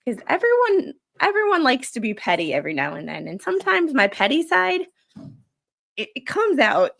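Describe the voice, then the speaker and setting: A woman hosting a casual late-night live stream at home, chatting with her viewers and reacting to stories, laid-back and quick to laugh. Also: high voice, huge pitch swings, creaky, a bit bright. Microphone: streaming microphone.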